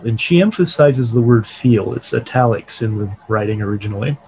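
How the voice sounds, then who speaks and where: A man of middle pitch leads a Bible study over a video call. He reads passages aloud in a measured way and then explains them in plain words. A faint hiss sits under his voice. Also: a little mellow, poor audio. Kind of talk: leading an online Bible study.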